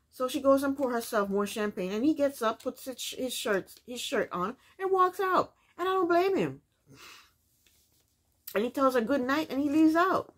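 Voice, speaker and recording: Husky-voiced woman recapping a show. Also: sits high, animated, moderate pace. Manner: incredulous, opinionated commentary with rhetorical questions. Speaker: reality TV recap vlogger. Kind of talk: casual spoken episode recap.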